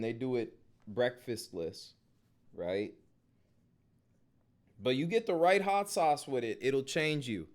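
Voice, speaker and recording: A man streaming casual reactions, joking and swearing loosely as he talks to his chat. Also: medium pitch. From Minnesota.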